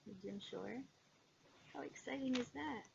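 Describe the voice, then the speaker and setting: Excitable woman vlogger, gravelly voice. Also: a little high, measured pace. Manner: excitable, gushing, many fillers. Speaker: cross-stitch vlogger. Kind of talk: casual haul video chat. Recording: dull lo-fi sound with background noise.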